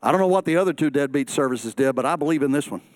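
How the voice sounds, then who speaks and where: A man's voice: a little high, lively intonation, very fast. A middle-aged man preaching a sermon as pastor, acting out quoted voices and joking asides.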